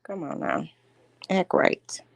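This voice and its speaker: Speaking slowly, a woman hosts a casual livestream commentary. She's blunt and confrontational, pressing people with question after question. The audio is close and dry, without any room sound.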